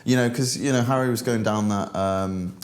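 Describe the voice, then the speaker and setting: A young man from England with a fairly low voice, talking through his music background. He is easygoing and agreeable, pausing with short fillers. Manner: easygoing, agreeable, slightly hesitant. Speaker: musician guest. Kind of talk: casual chat.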